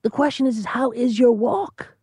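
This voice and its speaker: An animated preacher who talks emphatically in conversation, laughing between points and slowing down to stress key phrases. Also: medium pitch, breathy edge, no room sound, studio quality. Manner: lively, emphatic, repeats "you know what I'm saying".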